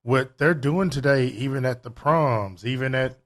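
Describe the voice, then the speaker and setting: Male co-host, laid-back chat, reflective storyteller, gets animated. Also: mid-range voice, moderate pace. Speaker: podcast co-host. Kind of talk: casual chat.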